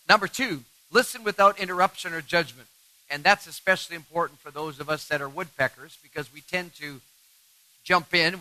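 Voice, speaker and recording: A man giving a sermon-style talk on marriage, animated and self-mocking, laughing often. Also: fairly high pitch, rough recording. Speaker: marriage speaker.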